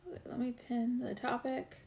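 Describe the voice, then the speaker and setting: A woman's voice: on the high side, monotone, normal speed, creaky, a little mellow. A woman hosting a casual live-stream show, chatting and greeting viewers by name. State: out of breath. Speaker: waxing show host.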